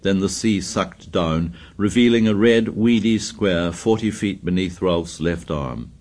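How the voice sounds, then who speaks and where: A man narrating a novel in a measured, steady storytelling manner. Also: low voice. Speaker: audiobook narrator. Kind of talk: scripted narration.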